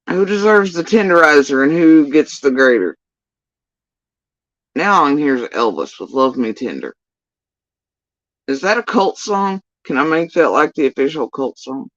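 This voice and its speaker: A woman's voice: a bass voice, very animated, a little slow, pauses often, no room sound, dull audio. Sarcastic, profane woman ranting on a livestream. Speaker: livestream host. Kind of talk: casual reaction commentary.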